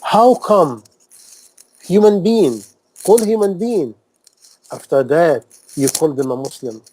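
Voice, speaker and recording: A man's voice: on the high side, animated, takes it slowly, darkish tone, slight background noise, poor audio. A man preaching a sermon in impassioned, non-native English, repeating phrases and firing off rhetorical questions. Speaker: Islamic preacher.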